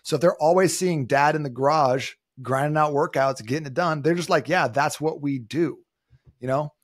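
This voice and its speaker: A man's voice: a little high, fairly quick, no room sound, clean studio sound. A man in his thirties, a podcast guest, telling stories in casual conversation and acting out the voices of people he quotes. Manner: animated storyteller, acts out quoted voices.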